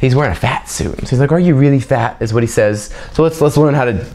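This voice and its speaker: A man's voice: mid-range voice, quick pace, darkish tone. Rambling, joking male language teacher. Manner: loose and rambling, chatty asides and self-mocking jokes; keeps checking in with a tag "right?". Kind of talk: unscripted casual lesson.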